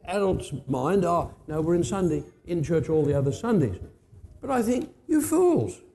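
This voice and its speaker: Middle-aged Australian man, pastor, blunt storyteller in a sermon, mellow and slightly high voice. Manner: blunt, emphatic storytelling with sudden rises for stress. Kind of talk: sermon with personal anecdotes.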